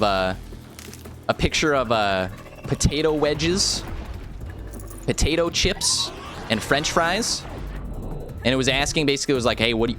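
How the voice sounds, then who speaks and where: Man, lively swooping pitch, rambling jokey game commentary, chatting to viewers, faint music underneath. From rural United States. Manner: joking, rambling, talks to chat. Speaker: streamer. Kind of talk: casual live gameplay commentary.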